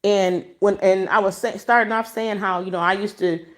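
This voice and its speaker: A woman from Michigan hosting a casual livestream from home, talking to viewers on a phone she holds as she walks around, emotional and expressive with a preachy streak. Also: mid-range voice, normal speed. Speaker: livestream host. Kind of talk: casual livestream commentary to a chat. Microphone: phone held in hand.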